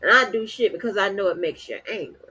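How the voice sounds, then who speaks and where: A woman's voice: mid-range voice, animated, fast talker, sharp tone, husky. A woman hosting a livestream, talking bluntly and defiantly with heavy profanity and repeated words. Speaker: channel host. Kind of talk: livestream rant.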